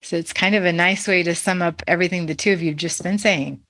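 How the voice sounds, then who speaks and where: A woman's voice: on the low side, fairly even intonation, quick pace, fairly bright tone, no room sound. A woman who is a literacy educator, talking in a casual podcast discussion in a thoughtful, questioning way with light laughs.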